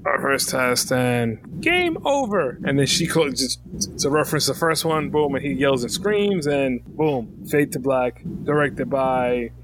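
A man's voice: mid-range voice, lively intonation, a little slow, a little hiss or hum, rough recording. A man from the United States co-hosting a film podcast, chatting loosely and animatedly, often jumping into a raised mimicking voice. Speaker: podcast co-host. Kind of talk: casual chat about a film.

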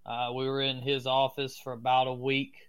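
Smooth, mid-range and completely flat in delivery, the voice moves at normal speed. He's a podcast guest from Florida with a strong Southern accent, telling laid-back, cursing stories in casual fashion.

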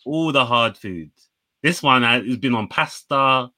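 A man talks football in a laid-back way, often ending his lines with "man". His voice is bright and sits at a middle pitch. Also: unhurried. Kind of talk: casual football chat.

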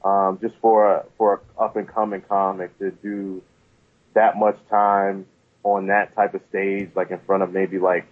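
A man who is a stand-up comedian, a podcast guest talking in an easygoing, modest way with halting restarts. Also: deep voice, little pitch movement. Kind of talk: casual interview chat. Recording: tinny phone line.

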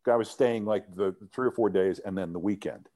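A middle-aged man tells an interview story in a fairly low, mellow voice. He talks in an animated way and often stumbles and restarts as he goes. He is a former sports TV host sitting as a guest. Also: moderate pace. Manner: animated anecdote teller with frequent restarts.

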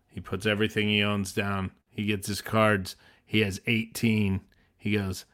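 A man's voice: lowish voice, moderate pace. A man hosting a casual comedy chat, telling stories and jokes and acting out the voices in them. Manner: storytelling, jokey, animated voices in quotes.

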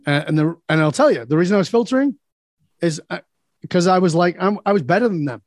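Blunt storytelling man, high voice. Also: expressive, quick pace, no room sound, studio quality. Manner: blunt, storytelling, acts out quoted dialogue, swears freely. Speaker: podcast guest, leadership speaker. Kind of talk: casual interview conversation.

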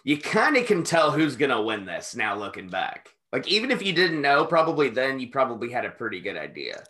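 A man's voice: medium pitch, wildly swooping pitch, brisk, pushed and bright. A man co-hosting a podcast, cracking wry jokes and calling out timestamps in a casual chat. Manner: wry, joking, keeps count aloud. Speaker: podcast co-host. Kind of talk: casual watch-along chat.

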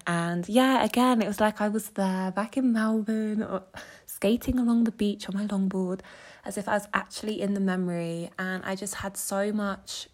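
A woman's voice: mid-range voice, steady tone, normal speed. A young woman from England telling a personal story in a chatty, emotional way, using "like" a lot. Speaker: vlogger.

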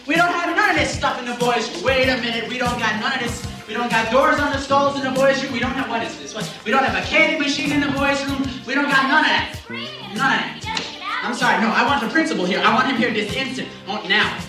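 An actor playing an excitable, nosy teenage boy who keeps repeating himself in indignation. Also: very high voice, fast talker. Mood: indignant. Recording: echoey film clip with music from far off.

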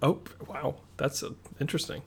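A man's voice: a little high, little pitch movement, moderate pace, vocal fry, slightly rough. A man co-hosting a film podcast, easygoing and agreeable, who laughs often and moves the talk along. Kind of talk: casual film review chat.

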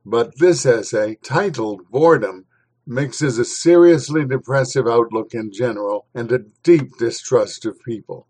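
A man's voice: medium pitch, unhurried, a little mellow, husky, low-quality recording. Dry, sardonic male podcast host. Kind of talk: reading a historical essay aloud.

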